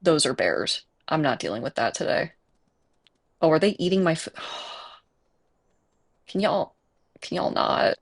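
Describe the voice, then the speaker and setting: Taking it slow and pausing often, a husky mid-range voice with big pitch swings rambles through casual live-stream chat while gaming. The speaker is a Midwest streamer with a Chicago accent, full of fillers and laughs at his own expense. The setup is earbuds and a desk mic.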